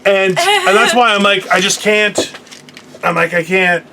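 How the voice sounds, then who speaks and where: A man's voice: high voice, sing-song, measured pace, noisy background. A man co-hosting a podcast in casual comedic chat, profane, boastful and self-mocking. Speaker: podcast co-host.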